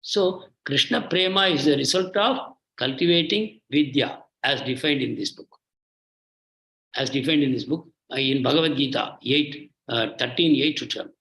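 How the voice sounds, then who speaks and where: Gravelly, emphatic male scripture lecturer. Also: mid-range voice, a bit bright, echoey room, rough recording. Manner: emphatic, repeats phrases, asks "hmm?" of listeners. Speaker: spiritual teacher.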